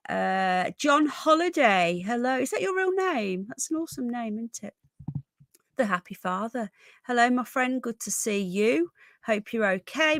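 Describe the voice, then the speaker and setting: A woman's voice: a little high, a bit bright, no echo. A woman hosting a casual livestream from home, chatting and greeting viewers with endearments like darling and sweetheart. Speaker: livestream host.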